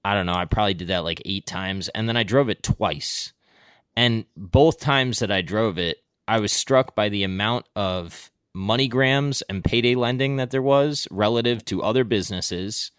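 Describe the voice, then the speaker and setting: Male podcast host; very deep, clean voice; reflective, halting chat. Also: a bit bright, clean tone, no room sound, clean studio sound. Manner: thoughtful, hesitant, searching for words.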